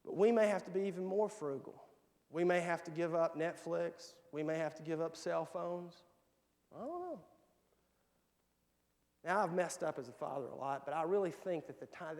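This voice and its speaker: On the high side with a darkish tone and a long reverb tail, this male pastor delivers a sermon in a church sanctuary. He weaves in family anecdotes, repeating what his children said.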